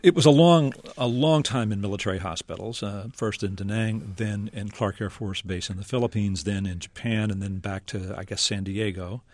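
A man's voice: lowish voice, moderate pace, hardly any pauses, no room sound. A man interviewing a guest, prompting him with questions and summarizing his writing. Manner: prompting, paraphrasing the guest's book. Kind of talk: radio interview.

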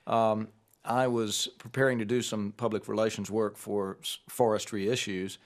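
A man, a guest musician, telling a story in a relaxed, unhurried way, full of fillers and restarts. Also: on the low side.

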